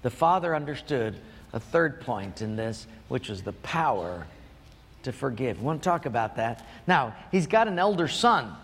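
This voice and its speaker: A man's voice: medium pitch, sing-song, normal speed, fairly bright tone, husky, long reverb tail. Emphatic storytelling male pastor. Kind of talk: sermon. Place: church.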